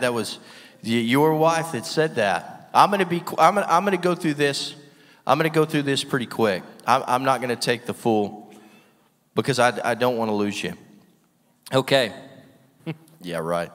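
A slightly bright, medium-pitched male voice at a moderate pace belongs to a guest preacher. Laughing often and asking the room rhetorical questions, he preaches with energy and emphasis, the sound ringing through a reverberant church hall.

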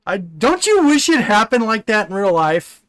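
A man's voice: high voice, very animated, normal speed, fairly bright tone, dry recording. A man co-hosting a casual gaming session, reading a text adventure aloud with frequent laughter and casual swearing. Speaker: co-host playing a text adventure.

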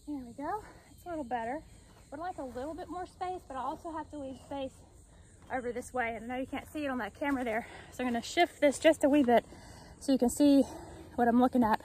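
High-voiced woman chatting while gardening. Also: quick pace, a little mellow, a little hiss or hum, poor audio. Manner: chatty, explains each step while digging. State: out of breath at times. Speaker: gardening vlogger. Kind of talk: casual talk to camera while working. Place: outdoor backyard garden.

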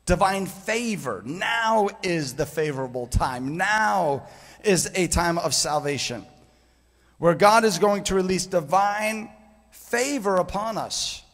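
A man's voice: sits high, expressive, takes it slowly, fairly bright tone. A man preaching a charismatic sermon in a church sanctuary, fervent and emphatic, telling stories and repeating key phrases. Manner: fervent, storytelling, emphatic repetition. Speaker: guest preacher. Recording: reverberant church hall.

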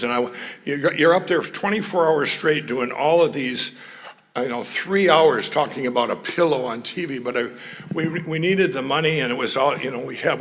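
A man's voice: fairly high pitch, fairly bright tone. A man from Minnesota, telling rambling stories in a speech, often sidetracked and laughing. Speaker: guest speaker. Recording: long hall reverb.

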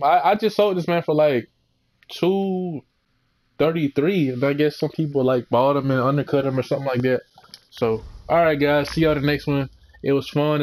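Laid-back young man reacting to gameplay. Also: mid-range voice. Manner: laid-back slangy chatter, sudden excited outbursts. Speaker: gaming channel host. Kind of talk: casual gameplay commentary.

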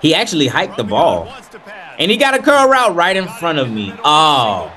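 A young man gives casual play-by-play commentary over his football video game. His slightly high voice swoops widely with hype and trash talk. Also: normal speed. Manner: animated, hyped, trash-talking. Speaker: gaming video creator.

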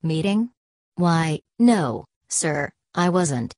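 A young new worker answers hesitantly and politely, read by a woman. The voice is low. The recording is dry and close. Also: expressive, extremely slow, darkish tone, no echo, exaggerated voice. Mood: nervous. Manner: hesitant, deferential.

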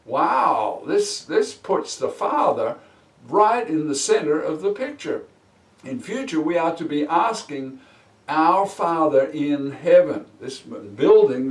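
A man teaching a Bible lesson as a sermon, slow and emphatic, stretching key words for weight. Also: on the high side. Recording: echoey room, mic at a distance.

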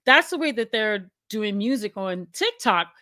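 A woman co-hosting a casual conversation, chatty and quick to laugh, filling her sentences with "like.". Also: medium pitch, lively intonation, pushed and bright, no echo, studio quality. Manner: chatty and laughs often, heavy use of "like".

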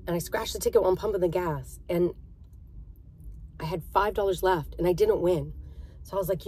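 A woman talks to her viewers like friends, spinning a personal story in a loose, chatty vlog style. Her voice sits a little low for a woman. She fills pauses and keeps checking in with her audience. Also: a little mellow, slightly rough. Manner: chatty, conversational, with fillers and direct address. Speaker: vlogger. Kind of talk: casual storytelling to camera.

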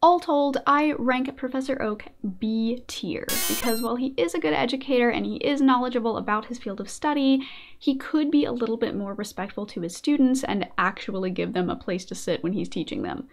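A woman's voice: on the high side, fairly quick, slight background noise. A woman hosting her own video, a writing teacher giving scripted, casual commentary with playful joking asides. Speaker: video essayist and host.

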